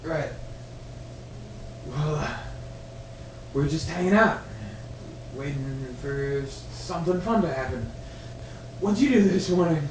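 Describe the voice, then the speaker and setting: An actor playing a nervous young man who talks in a halting, hesitant way. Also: on the high side, darkish tone, roomy sound, recorded from a distance, slight background noise, poor audio. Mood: awkward. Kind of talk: indie film acting.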